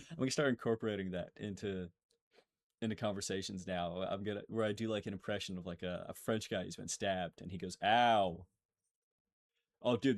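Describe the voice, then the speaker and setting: A young man talks through a fight card in a loose, rambling way, swearing freely and cutting himself off mid-sentence. His voice sits fairly low. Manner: profane, rambling, self-interrupting. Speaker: MMA commentary YouTuber. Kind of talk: casual fight recap monologue.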